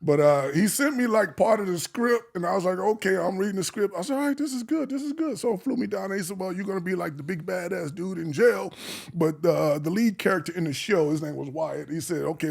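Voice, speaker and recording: Slightly high and husky with vocal fry, this is the voice of a middle-aged actor on as a guest. He spins casual anecdotes with animation, voicing the people who appear in them.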